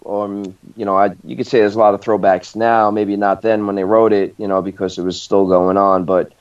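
A man's voice: fairly low pitch, level tone, moderate pace, clear, resonant tone. Podcast co-host, man, chatty and rambling, muffled lo-fi sound. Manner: rambling, many fillers and restarts. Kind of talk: casual chat. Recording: distant, dull lo-fi mic.

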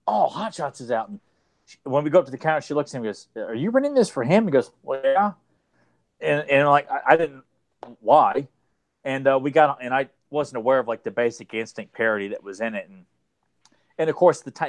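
A man's voice: medium pitch, no room sound. A man in his thirties on a podcast, rambling through childhood stories with lots of restarts. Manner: rambling, animated storyteller with restarts. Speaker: podcast co-host. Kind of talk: casual chat, storytelling.

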